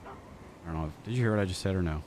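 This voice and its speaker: A man playing a laid-back young man in an online role-play, relaxed and teasing, pressing with questions. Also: low-pitched, fast talker, noisy background, natural voice. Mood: casual.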